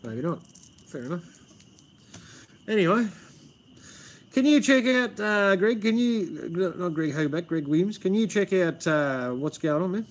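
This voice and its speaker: Rambling Australian man, slightly high voice. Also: lively intonation, unhurried, long pauses. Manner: rambling, swears, says "man" often. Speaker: livestream host. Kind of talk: casual live stream chat. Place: outdoors under a pergola.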